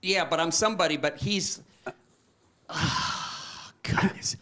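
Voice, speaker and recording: An older man in a church question-and-answer session, telling a story in a halting, rambling way and quoting his son aloud. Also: a little high, animated. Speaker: congregant asking a question. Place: church meeting room.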